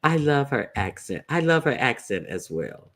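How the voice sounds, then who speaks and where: A man hosting casual opinion commentary, blunt and profane, halting often with "uh" fillers as he talks. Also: mid-range voice, very animated, fairly bright tone. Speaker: YouTube commentator host.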